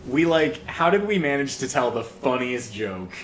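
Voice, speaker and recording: A man's voice: mid-range voice, very animated, moderate pace, fairly bright tone. Jumpy, sarcastic man in an echoey room. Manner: jumpy and sarcastic, complains about scares. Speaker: co-host watching a horror game. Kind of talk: casual let's-play chat. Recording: echoey room with faint hiss.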